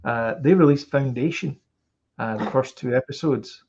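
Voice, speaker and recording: A Scottish man co-hosts a podcast, rambling through casual chat and stopping often to restart his sentences. His voice has a gravelly edge, and it sits at an ordinary middle pitch. The recording sounds a bit dull and lo-fi. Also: normal speed. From Scotland. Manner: rambling, animated, with many fillers and restarts. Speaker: podcast co-host.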